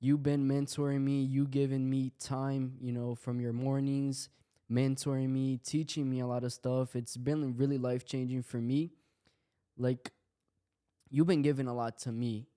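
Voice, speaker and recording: A man's voice: mid-range voice, flat delivery, normal speed, mellow, smooth. A young man co-hosting a podcast, chatting in a friendly way and telling stories. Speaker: podcast co-host. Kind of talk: casual podcast chat.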